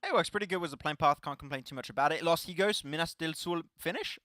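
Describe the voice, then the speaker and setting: Young man, French accent, esports caster, bright ringing tone, slightly high voice, playful, laughs a lot. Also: fast talker, no echo. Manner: playful, laughs easily, rises to excited calls. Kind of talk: live esports commentary.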